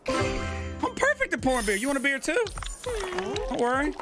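A man hosting a let's play, talking loudly and profanely in casual gaming commentary. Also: extremely high pitch, sing-song, measured pace, over loud music. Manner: loud, profane, frequent shouting and laughter.

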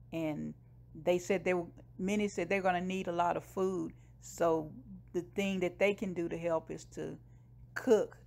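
A woman's voice: on the low side, gravelly, a little mellow. A woman casually retelling a TV episode scene by scene, briefly voicing the characters' lines. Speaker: show recapper.

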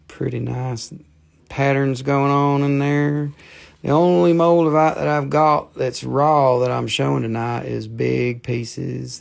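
A man's voice: mid-range voice, gravelly. A man hosting a live mineral sale in a folksy, rambling, self-joking way. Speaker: host of a live mineral sales show. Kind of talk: casual live selling chat.

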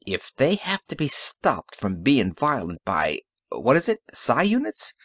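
A man voicing a weary middle-aged police sergeant in an audiobook, speaking in a gruff, rueful, somewhat lower voice. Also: wildly swooping pitch, unhurried, fairly bright tone, no room sound, studio quality, exaggerated voice. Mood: wry. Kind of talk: audiobook character reading.

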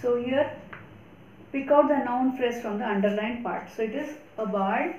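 A woman with a slightly high voice works through grammar exercises as a teacher, spelling out and repeating each answer with careful emphasis. The recording has a roomy echo around her. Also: a little mellow, a little hiss or hum. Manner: slow, deliberate explanations with repetition. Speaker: English teacher. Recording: echoey room.

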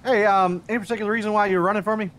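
A man roleplaying a police officer in a game, speaking haltingly with many fillers. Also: high-pitched, fairly even intonation, a bit bright. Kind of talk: in-character roleplay.

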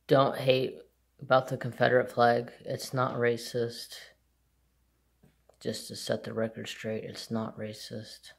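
A man who hosts a crafts channel, casually chatting and rambling about his dogs in an unhurried way. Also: mid-range voice, monotone, creaky. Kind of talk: casual chat.

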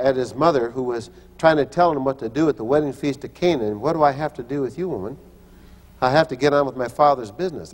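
A man's voice: mid-range voice, big-room sound. An older man preaching a sermon, telling personal stories and acting out the voices he quotes, often restarting his phrases. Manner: storytelling, acts out quoted voices, frequent restarts. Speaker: pastor and teacher.

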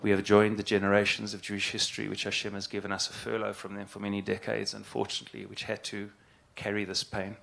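A middle-aged man, a rabbi, giving an earnest, halting spoken address and repeating phrases for emphasis. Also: lowish voice, completely flat delivery, gravelly, fairly bright tone.

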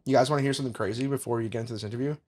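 A young man hosting a podcast, teasing his guest in jokey, rapid-fire banter. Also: medium pitch, steady tone, a little mellow, breathy edge. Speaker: podcast host. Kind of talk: joking interview banter.

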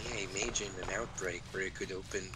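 A man's voice: deep voice, fast, very noisy. A man co-playing a horror game on a stream, chatting casually and giggling as he riffs on the characters. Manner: lively, giggly, does playful impressions. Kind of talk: casual gaming chat.

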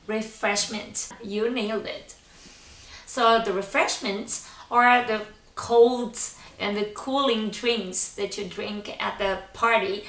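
Slow, encouraging woman teaching words. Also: mid-range voice, a bit bright. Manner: encouraging, repeats each word slowly for learners. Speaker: English teacher. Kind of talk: vocabulary lesson with repeat-after-me drills. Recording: roomy echo, from a distance.

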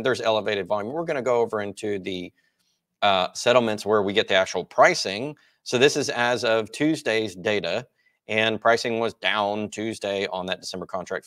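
A man's voice: lowish voice, fairly bright tone. A man hosting a market report, explaining charts in a casual, explanatory way. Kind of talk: financial market commentary.

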